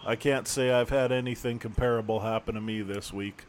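A man's voice: medium pitch, fairly even intonation, a little fast. A man co-hosting a podcast, laid back, laughing along and cracking dry jokes. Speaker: podcast co-host. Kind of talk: casual chat.

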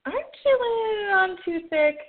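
Mischievous young heiress, high and sweet, voiced by a woman reading aloud, tinny phone-line sound. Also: normal speed. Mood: sweetly teasing. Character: playful, teasing young heiress.

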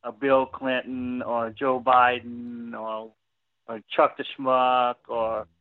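A man from Louisiana calls in to a talk radio show, speaking at a mid pitch. He rambles, repeats himself and trails off mid-thought. His voice comes through a dry, tinny phone line. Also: flat delivery, slow pace, dry recording. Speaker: caller. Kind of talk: casual talk radio call.

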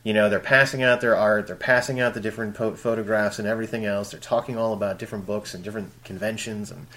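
A man co-hosting a casual panel chat about book promotion, animated, acting out examples in a mocking voice. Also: fairly low pitch, fast talker. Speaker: podcast co-host.

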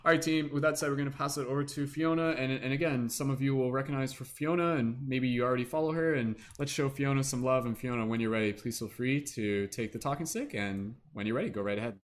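An easygoing man runs a group video call and hands the floor to the next speaker. He talks fast at a middle pitch. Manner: quick, easygoing. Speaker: host. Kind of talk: hosting a video call circle.

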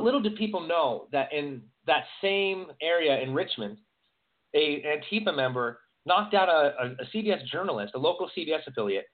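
A man hosting a podcast, talking politics in an emphatic, rambling way. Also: a little high. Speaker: podcast host. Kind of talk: casual political chat. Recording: tinny phone-like audio.

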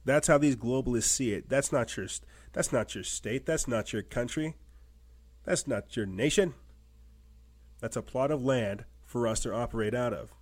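A man of medium pitch and normal speed hosts a commentary show, reading articles aloud. He stays emphatic, breaking them up with pointed rhetorical questions and repeating himself to drive his points home.

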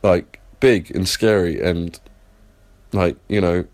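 Man, English accent, deep voice, dry recording, casual sweary audio diary. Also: takes it slowly, darkish tone, no room sound. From Plymouth, England. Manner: rambling, sweary, enthusiastic storytelling. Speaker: podcast host.

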